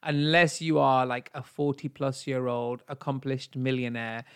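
A man co-hosting a casual podcast with his husband, talking in English, which is not his first language, in an animated, theatrical way that jumps into high squeals. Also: measured pace, smooth. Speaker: podcast co-host. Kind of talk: casual chat.

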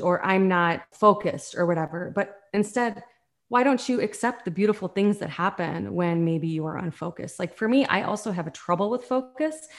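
A woman's voice: lowish voice, darkish tone. A woman who works as a coach, talking earnestly and reflectively in a conversation about self-acceptance. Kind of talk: podcast conversation.

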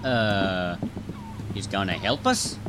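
A man's voice: low voice, slow, noisy background. A man voicing a wry, teasing male undercover agent.

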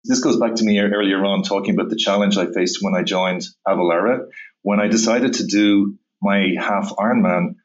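Man, Dublin Irish accent, middle-aged, lowish voice, muffled lo-fi sound, casual guest chat. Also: steady tone, brisk. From Ireland. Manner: laughs easily, stammers on restarts. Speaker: guest, tech executive. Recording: dull lo-fi remote audio.

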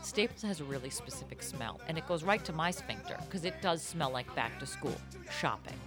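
A woman's voice: sits low, lively intonation, brisk, over music. A woman co-hosting a comedy podcast, telling rambling, giggly stories full of silly wordplay. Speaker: podcast co-host. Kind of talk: casual comedic chat.

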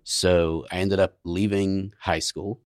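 A man's voice: low voice, little pitch movement, slow pace, dry recording. A middle-aged man from England with a faded, partly Americanized English accent, a guest in a casual interview, talking with dry, self-deprecating humor.

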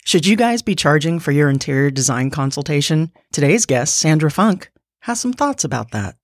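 A woman in her fifties co-hosting a podcast in casual chat, bubbly and quick to laugh. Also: low-pitched, dry recording. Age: 50s. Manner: bubbly, laughs often, animated. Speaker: podcast co-host.

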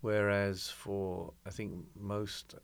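A man's voice: on the low side, little pitch movement, extremely slow, vocal fry, a little hiss or hum. A man in his sixties, a guest telling reflective anecdotes in casual conversation.

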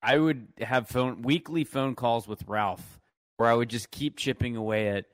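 A man's voice: mid-range voice, steady tone, normal speed, no echo. A man co-hosting a podcast in casual chat, rambling and repeating himself. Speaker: podcast co-host.

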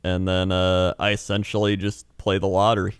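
Young male gamer, low voice, relaxed chatty delivery, dry close mic. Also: moderate pace, smooth, no room sound. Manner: laid-back, laughs often, imitates game voice lines. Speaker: gamer and streamer. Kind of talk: casual chat.

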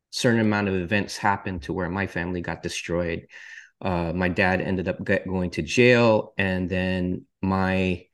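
A male podcast host candidly and earnestly telling his personal faith testimony, with touches of self-deprecating humor. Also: deep voice.

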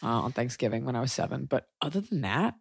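A woman's voice: extremely low pitch, sing-song, quick pace, creaky, husky, no room sound. A woman in her thirties hosting a podcast in casual chat, blunt and sarcastic, joking and swearing freely. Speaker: podcast host.

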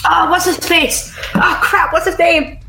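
Woman on a quiz podcast, flustered, thinking out loud, roomy echo, music faint. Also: very high voice, fairly even intonation, measured pace, gravelly. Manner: flustered and laughing while thinking aloud. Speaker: quiz panellist. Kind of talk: casual podcast banter.

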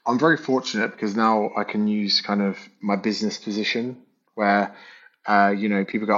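A man's voice: on the low side, fairly even intonation, moderate pace, fairly bright tone. A man chatting casually as a guest, candid and swearing freely. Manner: candid, swears freely, acts out quoted people. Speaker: podcast guest. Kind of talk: casual conversation. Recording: dull lo-fi audio.

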